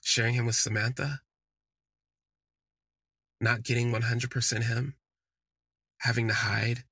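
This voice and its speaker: Male podcast host, gravelly and husky, candid conversational storyteller. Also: medium pitch, level tone, unhurried, pushed and bright, no echo. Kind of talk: casual storytelling monologue.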